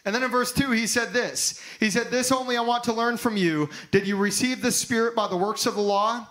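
High-voiced man preaching an emphatic sermon. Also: fairly even intonation, brisk, a bit bright, poor audio. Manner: emphatic preaching, rising to fervent exclamations. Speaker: pastor.

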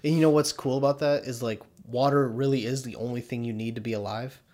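A man's voice: medium pitch, steady tone, fast, a little mellow. A young man co-hosting a podcast in casual chat, laid-back, swearing often and laughing a lot. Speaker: podcast co-host.

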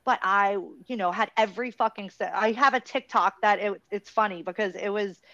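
A woman in her thirties hosting a casual podcast chat, animated and swearing for emphasis. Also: medium pitch, brisk, no echo, muffled recording. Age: 30s. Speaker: podcast host.

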